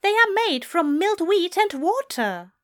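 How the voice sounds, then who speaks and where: A woman voicing a fussy, excitable male angel who exclaims in a high, flustered voice. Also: normal speed, full character voice.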